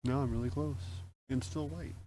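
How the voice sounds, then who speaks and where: A man's voice: mid-range voice, fairly even intonation, moderate pace, mellow, a little hiss or hum, low-quality recording. A young man casually talking through his online poker hands as a streamer, chatty and self-mocking. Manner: chatty, self-mocking, explains plays aloud.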